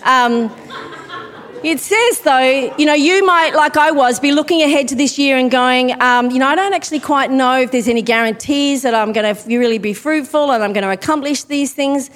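A woman's voice: sits high, moderate pace, fairly bright tone. A woman preaching a sermon in a chatty, self-deprecating way, breaking off for asides to the congregation. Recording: long hall reverb.

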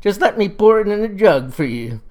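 A tart, suspicious old country woman who doctors folk with leeches and poultices, as a storyteller puts her on. Her voice sits a notch higher than the telling around it, and she delivers her odd cures with flat certainty. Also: moderate pace, close to an everyday voice. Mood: matter-of-fact. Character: cranky wizened old backwoods woman healer.

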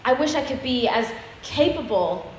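A woman speaking to an audience on a handheld mic, telling a personal story in an earnest, animated way. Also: sits high, moderate pace. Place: room with an audience. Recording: echoey room, faint background noise.

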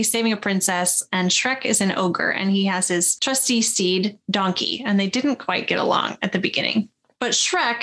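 A woman pastor delivers a sermon in a relaxed, conversational tone. She reads scripture aloud and then talks to her congregation like friends, laughing easily. Her voice sits at a middle pitch for a woman.

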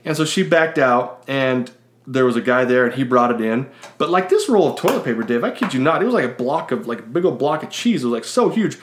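A man in his forties from Utah, co-hosting a podcast and telling a story in a casual, animated way with frequent laughs. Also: mid-range voice, a little fast, echoey room. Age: 40s. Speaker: podcast co-host.

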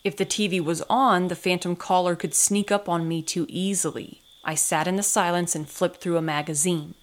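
A woman's voice: fairly low pitch, moderate pace. A woman podcast host reading a first-person novel aloud and then recapping the plot casually. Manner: steady storytelling read, then casual recap.

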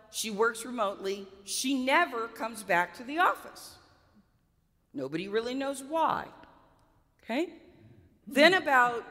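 Bright-voiced woman pastor preaching in a hall. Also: medium pitch. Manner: conversational, animated retelling with quoted dialogue. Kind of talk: sermon storytelling. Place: church.

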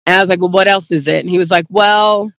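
A woman's voice: fairly low pitch, fairly even intonation, fast talker, a bit bright, no echo. A woman guest telling a personal story in casual chat, rambling and acting out the dialogue, close to tears. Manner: rambling, acts out quoted dialogue; emotional, near tears.

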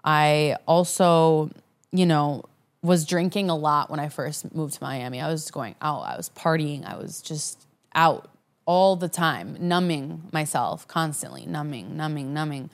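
Low-voiced woman telling her story. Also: measured pace. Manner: frank and conversational, with frequent "like" and "you know". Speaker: vlogger sharing her personal story. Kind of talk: candid personal storytelling. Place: her apartment living room.

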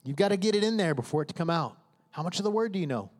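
Preaching a rapid-fire sermon with lively intonation, a male pastor's high, bright voice rings around a reverberant sanctuary. He's emphatic but conversational, taking on the voices and prayers of his congregation.

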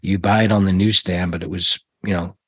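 A man's voice: low voice, steady tone, a little fast, a bit bright, slightly rough, no room sound. A middle-aged man, a guest in an interview, telling rambling stories with many restarts and fillers. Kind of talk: casual interview storytelling.

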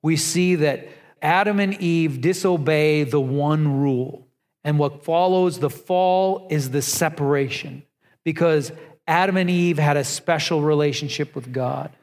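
High-voiced preacher man in a reverberant hall. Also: a little slow. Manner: lively storytelling preacher, pleading at the close. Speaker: pastor. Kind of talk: sermon. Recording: long reverb of a large hall.

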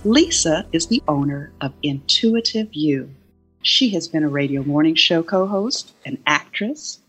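A woman's voice: sits low, a bit bright, slightly rough. A woman co-hosting a podcast, introducing a guest in an upbeat, encouraging way. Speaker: podcast co-host.

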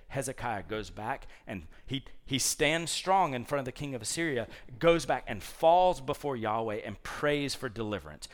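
Brief: man preaching casually, mid-pitched, storytelling with asides. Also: fairly bright tone. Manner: conversational, storytelling, folksy asides. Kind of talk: sermon.

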